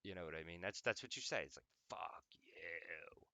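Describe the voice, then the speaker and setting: A man's voice: low-pitched, animated, rapid-fire, bright, forceful tone, dry recording. A young adult man hosting an audio podcast, talking casually in a rambling, profane, joking way. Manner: rambling, profane, jokey, many "like"s. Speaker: podcast host. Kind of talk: casual monologue.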